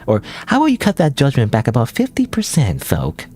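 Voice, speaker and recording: A man's voice: mid-range voice, wildly swooping pitch, brisk, darkish tone, soft background music. A man voicing a smug, spiteful nun in a game, with a mocking, snide delivery. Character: smug, spiteful young nun who gloats.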